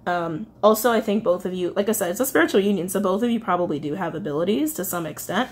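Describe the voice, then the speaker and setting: A woman talking her way through a tarot reading for her subscribers in a loose, rambling way, full of fillers and restarts. She swings between excited and teary as she goes. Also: medium pitch, quick pace. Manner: chatty, rambling, emotional, frequent fillers and self-corrections. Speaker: tarot reader. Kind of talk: casual spoken tarot reading.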